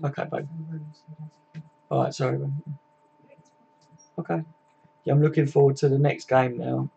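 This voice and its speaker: Streaming from his home room with a desk and sofa, a young Brit reads out comments in loose, laddish chat full of swearing, tagging lines with "mate" and "innit." His voice sits at medium pitch with little movement, moderately paced, gravelly and dark. The sound is lo-fi with slight background noise.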